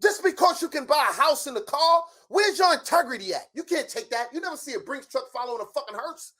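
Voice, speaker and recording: A middle-aged man in a heated argument as a show guest, ranting loudly with lots of profanity and rapid challenges. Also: very high voice, animated.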